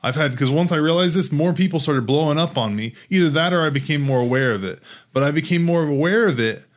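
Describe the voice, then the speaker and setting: A man talking about faith in an earnest way, growing excited and lively as he speaks. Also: on the high side, quick pace. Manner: earnest, gets excited and animated. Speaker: Christian teacher. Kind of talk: casual faith discussion.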